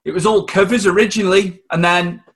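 A man with a high, bright voice chats casually and rambles along, restarting his sentences as he goes. He sounds relaxed and talkative, like a regular co-host swapping stories. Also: fairly quick. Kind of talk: casual chat.

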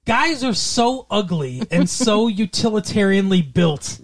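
A man's voice: high voice, expressive, a little slow. A man from Michigan with a light Michigan accent, joking and teasing his co-host in a casual podcast chat. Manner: joking, teasing, puts on silly voices.

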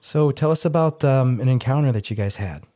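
Podcast host with a mellow voice. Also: mid-range voice, lively intonation, a little fast. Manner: brief, encouraging responses. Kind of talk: casual interview.

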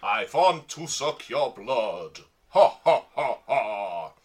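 A man voicing a theatrical male vampire count in a put-on Transylvanian accent, reading slowly and sinisterly. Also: mid-range voice, sing-song. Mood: mock sinister. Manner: slow, drawn-out and sinister, with a mock laugh.

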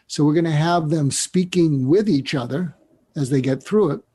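A man's voice: fairly high pitch, moderate pace, mellow, breathy edge. A man talking as a psychiatrist guest on an interview show, explaining ideas earnestly and step by step, reflective in tone. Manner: earnest, reflective, walks through steps one by one; emotional when recalling a mentor.

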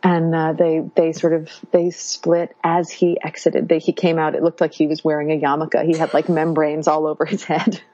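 Guest woman, 30s, low husky voice, rambling storyteller with lots of ums, dull lo-fi recording. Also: monotone, moderate pace, hardly any pauses, no room sound. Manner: warm, meandering, many fillers. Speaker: guest sharing birth story. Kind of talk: casual interview storytelling. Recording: dull lo-fi sound.

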